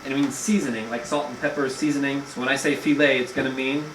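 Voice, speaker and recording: A young woman teacher reads a picture book to a class of first graders, lively in her storytelling and pausing to quiz the small children on vocabulary. She has a bass voice and a quick pace, and the low-quality recording carries some hiss or hum.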